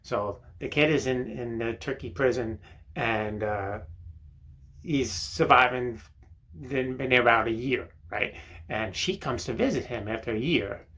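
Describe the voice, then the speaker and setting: Older man with a gravelly voice. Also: mid-range voice, measured pace, a bit bright. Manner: rambling, full of fillers and "right?". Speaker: comedy monologue host. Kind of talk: rambling seated comic monologue. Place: bathroom, seated on a toilet.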